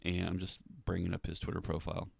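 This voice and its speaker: A man's voice: low voice, completely flat delivery, fast talker, vocal fry, slightly rough, dry recording, studio quality. A man hosting a solo podcast, talking casually in a rambling way with many ums and restarts. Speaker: podcast host.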